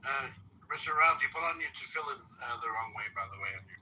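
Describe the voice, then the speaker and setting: A man moderating a political debate who presses his point again and again in an insistent, argumentative way. His voice is very bright and sharp, with a faint hiss behind it. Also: mid-range voice, lively intonation, quick pace, rough recording.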